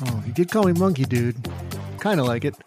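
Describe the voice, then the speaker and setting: A man's voice: mid-range voice, expressive, a little fast, music in the background. A man playing a tabletop game, rambling and playful with hesitant fillers. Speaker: player. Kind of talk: casual tabletop play.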